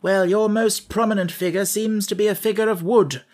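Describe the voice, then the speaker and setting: A man's voice: sits high, expressive, moderate pace, pitched above the performer's own voice. Man voicing a pompous Scarecrow king. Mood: lecturing. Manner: grand, lecturing, easily flustered. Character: pompous straw-stuffed king, vain and touchy. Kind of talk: audiobook character voice.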